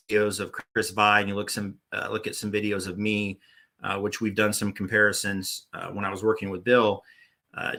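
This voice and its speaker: A man's voice: on the low side, bright, forceful tone. A man in his forties, a podcast guest, telling stories in a loose, rambling way with plenty of restarts. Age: 40s. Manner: rambling, many restarts and "uh" fillers. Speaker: podcast guest, former bowling tournament director. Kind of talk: casual storytelling interview.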